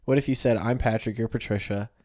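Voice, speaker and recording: A man's voice: lowish voice, fast, dry recording, studio quality. A man co-hosting a podcast in casual chat, telling stories and joking around. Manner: joking, animated storytelling. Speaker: podcast co-host.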